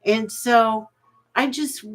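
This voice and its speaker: Woman host for a live online jewelry sale, unhurried and grateful, soft music faintly behind. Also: fairly high pitch, fairly even intonation, rough recording. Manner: slow, chatty, thankful, with fillers. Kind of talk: live-stream auction chat.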